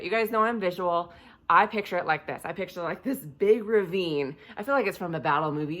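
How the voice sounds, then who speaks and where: A woman's voice: mid-range voice, a bit bright. A young woman giving a chapel devotional, reading scripture aloud and then explaining it in a casual, vivid way. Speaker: chapel speaker. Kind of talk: devotional talk.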